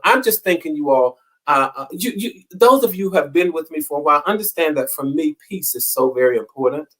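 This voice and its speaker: Fairly high in pitch and fairly bright, this male motivational host gives an inspirational talk in a sermon-like style. His phrases repeat, and his emphasis builds and recedes.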